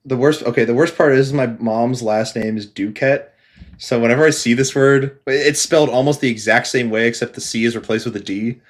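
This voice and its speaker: A man's voice: mid-range voice, fairly quick. Blunt, profane young man chatting. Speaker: podcast co-host and game developer. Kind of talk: casual chat.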